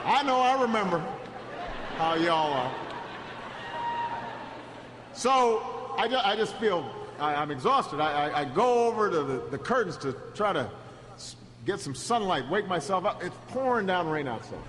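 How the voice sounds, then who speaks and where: A high-voiced man, a political speaker, tells a story in a speech with halting, stop-start delivery, repeating words whenever he restarts. He builds to a rousing, shouted close, recorded in an echoey hall with steady background noise.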